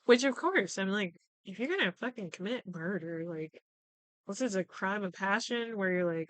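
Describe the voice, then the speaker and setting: A woman's voice: medium pitch, animated, moderate pace, no echo. A young woman hosting a podcast, chatting casually and animatedly, swearing freely and acting out the characters' lines as she recaps. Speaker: podcast host. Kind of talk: casual chat recapping shows.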